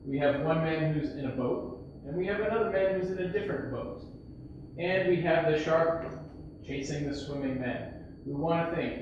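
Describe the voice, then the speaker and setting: A man teaching an English grammar lesson, explaining patiently and acting out shouted examples. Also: a little high, moderate pace. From United States. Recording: echoey, distant, dull lo-fi sound with faint hiss.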